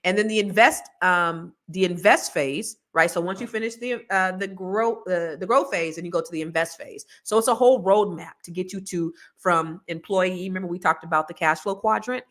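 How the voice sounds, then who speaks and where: Chatty, rambling woman host, slangy and lively. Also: fairly low pitch, normal speed, hardly any pauses. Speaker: podcast host. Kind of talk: casual chat with viewers.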